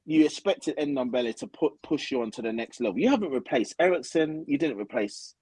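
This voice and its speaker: Man, husky, lively pitch, opinionated football chat, dry close sound. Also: fairly quick, dry recording. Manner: animated, opinionated, sometimes teasing. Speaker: football podcast co-host.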